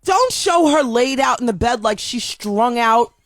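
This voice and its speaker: A woman with a high voice rants in an emotional vlog, her pitch swinging widely as she repeats herself and restarts her sentences. She sounds upset and heartfelt throughout. The recording is dry and close, with faint music behind her. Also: animated, measured pace, dry recording. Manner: impassioned, repetitive ranting with many restarts. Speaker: video commentator.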